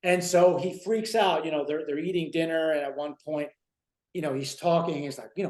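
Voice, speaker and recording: A man's voice: fairly high pitch, normal speed, a little mellow. A man in his forties co-hosting a casual chat, rambling with many fillers as he retells scenes. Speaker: co-host. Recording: roomy echo.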